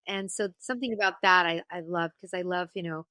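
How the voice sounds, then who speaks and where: Woman voice actor guest, lively storyteller, fairly low voice but bright and punchy, dry close mic. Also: a little fast, dry recording. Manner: animated storyteller, breaks into character voices. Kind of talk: casual interview chat.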